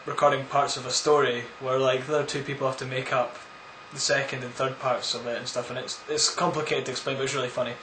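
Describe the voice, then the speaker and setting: A man's voice: medium pitch, flat delivery, fast talker, few pauses, pushed and bright, a little hiss or hum. A man answering viewer questions in a casual, rambling vlog, full of crude, absurd jokes. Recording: echoey room.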